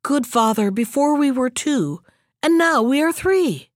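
A woman's voice: high-pitched, expressive, unhurried, no echo, clean studio sound. A woman voicing an earnest, kind-hearted young man in a storybook reading, eager and pleading.

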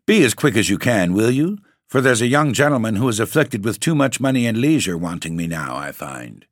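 A man's voice: lowish voice, big pitch swings, a little fast, no room sound, pitched above the performer's own voice. A man voicing a grim, petulant male ghost with a stake through his body, speaking dryly and pushily. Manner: petulant, dry and pushy.

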